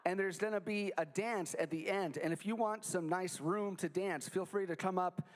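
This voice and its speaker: A young performer with a high voice clowns around in a kids' sing-along show before a live library crowd, animated and jokey with the children. He talks at normal speed in a large hall with slight background noise.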